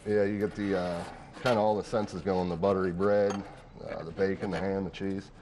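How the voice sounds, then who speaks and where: Guest chef, male, lowish voice, halting, faint studio noise. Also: little pitch movement. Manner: hesitant, full of uh and um. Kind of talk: cooking demonstration. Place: TV studio kitchen set.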